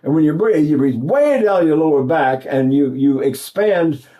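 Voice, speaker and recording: Here a man's slightly high voice carries a dark tone, expressive and at normal speed. He's an older East Texan teaching singing through sung examples, folksy and rambling, with many restarts.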